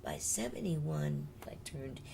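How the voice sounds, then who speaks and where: A woman's voice: sits low, lively intonation, slow, creaky, background noise. An older woman, a singer, telling her life story in a candid, chatty interview and laughing often.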